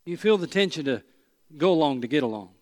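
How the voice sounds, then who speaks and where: A man preaching in a slightly high voice. He tells stories with a lot of animation, jokes at his own expense and hammers his points home by repeating them. The sound is close and dry. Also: fast talker, dry recording. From East Tennessee. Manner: animated storytelling, self-deprecating humor, emphatic repetition. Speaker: pastor. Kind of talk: sermon.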